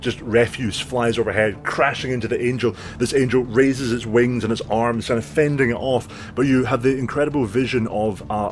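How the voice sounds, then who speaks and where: A man running a tabletop game as game master, narrating the action in a vivid, relaxed way with many fillers. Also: medium pitch, a little hiss or hum.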